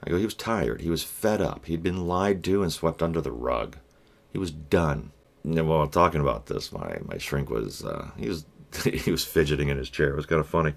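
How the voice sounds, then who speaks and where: Very deep, gravelly man telling a blunt story. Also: animated. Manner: blunt and profane, with wry asides; halting, with many fillers and restarts. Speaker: vlogger. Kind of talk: rambling personal storytelling.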